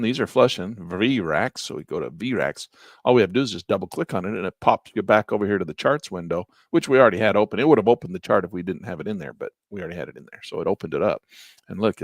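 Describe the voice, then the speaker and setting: Speaking quickly with lively intonation and vocal fry, this low-voiced trading instructor walks viewers through a live lesson in a relaxed way. He clicks through charts, thinks aloud and chats with them. The studio-quality audio has no echo.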